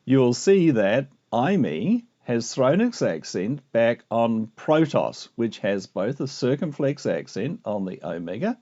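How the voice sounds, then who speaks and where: A man teaching a video lesson on Greek grammar, explaining with lively asides. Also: medium pitch. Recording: muffled lo-fi recording.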